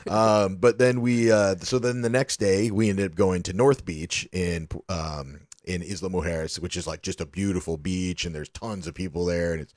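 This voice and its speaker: A man's voice: low voice, steady tone, normal speed, hardly any pauses, a little mellow, dry recording, clean studio sound. A man co-hosting a podcast, telling trip stories in a loose, chatty way with plenty of fillers and swearing. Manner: loose storytelling, swears freely, lots of fillers. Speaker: podcast co-host. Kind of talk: casual chat.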